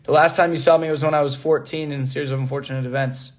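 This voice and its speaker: A young actor answers fans in a casual livestream chat, reading their comments aloud, laughing often and hopping between languages in his replies. His voice is fairly high with fairly even intonation, and he talks very fast.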